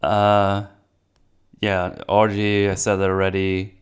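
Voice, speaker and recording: A young man hosting a casual movie review chat, animated and mocking, often slipping into jokey character quotes. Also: lowish voice, slow, clear, resonant tone. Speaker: podcast host.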